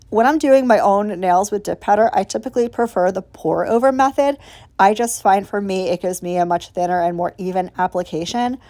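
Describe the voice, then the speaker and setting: In a separately recorded voiceover with no echo, this nail vlogger talks in a mellow, medium-pitched voice. Her narration of the nail tutorial is casual and chatty, full of gushing and offhand swearing as she explains every step.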